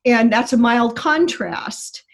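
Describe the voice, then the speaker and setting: Woman scholar, husky voice, earnest, keeps restarting sentences as she explains grammar. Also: fairly high pitch, slow. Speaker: biblical Greek scholar guest. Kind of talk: explanatory interview talk.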